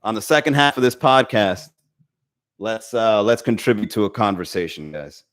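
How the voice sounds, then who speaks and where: A comedy podcast host rambles casually with his livestream audience, swearing freely and laughing often. His voice is on the low side and a bit bright, delivered at normal speed.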